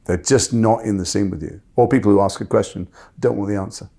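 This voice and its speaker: Gravelly middle-aged man. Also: fairly low pitch, steady tone, fast, dark tone. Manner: rambling, restarts often, self-deprecating. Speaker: guest actor. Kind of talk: reflective interview talk.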